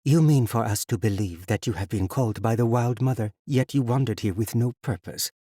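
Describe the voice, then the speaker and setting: A man's voice: medium pitch, fairly quick, mellow, no room sound, clean studio sound, close to an everyday voice. A man voicing a stern, suspicious woman elder who speaks in a cold, commanding way. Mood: distrustful.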